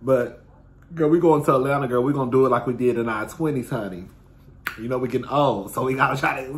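A man in his thirties telling casual stories straight to his viewers in a sassy, expressive way, calling them "girl" and "honey" and swearing freely. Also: mid-range voice, brisk. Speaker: host of his own talk stream.

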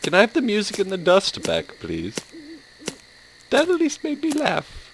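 A man's voice: sits high, huge pitch swings, moderate pace, creaky, a little hiss or hum, rough recording. A man giving sarcastic, jumpy commentary on a horror game, yelping and laughing at the scares. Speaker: let's play host.

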